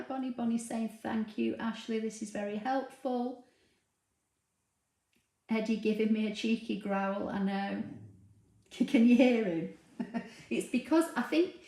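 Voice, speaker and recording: A woman hosts a craft livestream in a home room with a dog nearby, the recording roomy and echoey. Her voice sits on the high side with vocal fry, and she reads viewer comments aloud in a relaxed, chatty way, with frequent ums and laughs.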